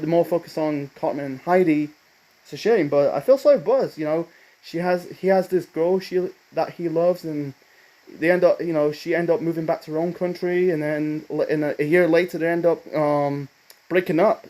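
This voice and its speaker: A man's voice: a little high, dark tone, low-quality recording. A man reviewing a cartoon episode in a loose, rambling way, often stumbling over his words and restarting. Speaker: video reviewer.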